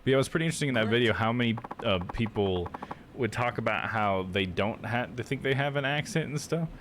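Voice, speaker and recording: A man's voice: mid-range voice, fast talker. Rambling rural Midwestern American man. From United States. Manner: rambling, full of "like" and restarts. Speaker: streamer. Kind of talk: live gameplay commentary.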